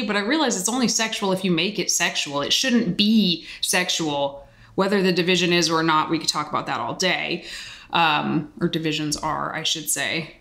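A woman with a somewhat low voice chats on a podcast. She tells stories in a relaxed, rambling way and wanders off on side tangents. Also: normal speed. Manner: chatty, tangent-prone storyteller. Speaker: podcast co-host. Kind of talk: casual podcast chat.

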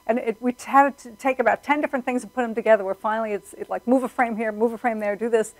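A woman talks about her work as a filmmaker in a casual interview. She is animated and tells stories, slipping into the voices of the people she quotes. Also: fairly high pitch, quick pace, hardly any pauses, poor audio. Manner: animated storyteller, acts out quotes. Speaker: filmmaker guest.

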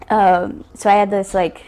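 A woman's voice: mid-range voice, measured pace, a little hiss or hum. A woman in her thirties, a podcast guest and storyteller, telling a personal story in candid, conversational style and laughing often. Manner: laughs often while telling, animated quoted asides.

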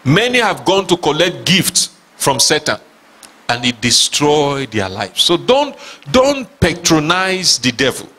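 A man's voice: fairly high pitch, sing-song, unhurried, bright, forceful tone. A man preaching a sermon as pastor, reading scripture aloud with emphasis and asking his listeners questions. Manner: reads scripture aloud dramatically.

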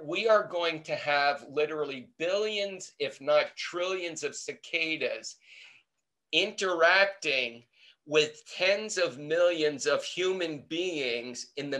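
Middle-aged american guy, bit high voice, cheerful storyteller teaching about bugs. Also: fairly bright tone. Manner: storytelling, acting out quoted voices, playful. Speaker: entomology professor giving a webinar. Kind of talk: lively anecdotal talk.

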